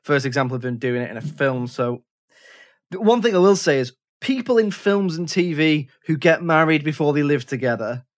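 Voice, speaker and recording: A man co-hosting a casual film chat, relaxed and jokey, often hesitating. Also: a little high, moderate pace. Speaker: podcast co-host.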